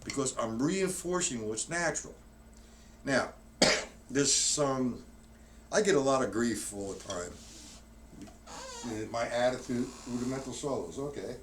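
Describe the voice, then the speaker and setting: A man's voice: medium pitch, a little slow, pauses often. A man teaches drums on a live stream in a loose, rambling way, breaking off to count beats aloud. He sits well back from the microphone, and the room around him is noisy. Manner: rambling, self-correcting, counts out loud while demonstrating. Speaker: drum teacher. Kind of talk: live-streamed drum lesson. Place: practice room with a drum kit. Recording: distant mic, noisy room.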